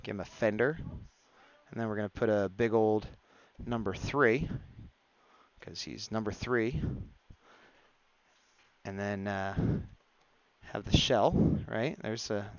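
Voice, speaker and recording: A man's voice: on the low side, slow pace, long pauses, smooth, dry recording, lo-fi sound. A man chatting in a playful, easygoing way as he narrates his drawing on a live stream. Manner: playful and chatty, laughs at his own jokes.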